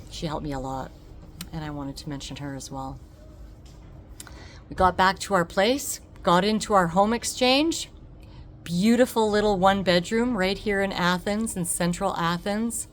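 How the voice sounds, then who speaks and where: A woman telling a personal story on her vlog, emotional and expressive, laughing often. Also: on the low side, a little hiss or hum. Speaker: vlogger.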